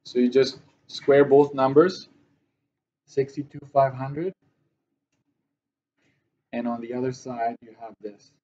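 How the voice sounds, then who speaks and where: A man's voice: medium pitch, level tone, slow pace, long pauses, dark tone, highs cut off. A male math teacher giving a classroom lesson, often checking that his students follow.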